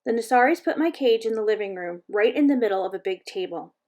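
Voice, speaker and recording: A woman reading a children's chapter book aloud in a gentle, measured storytelling voice. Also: fairly high pitch, animated. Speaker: reader.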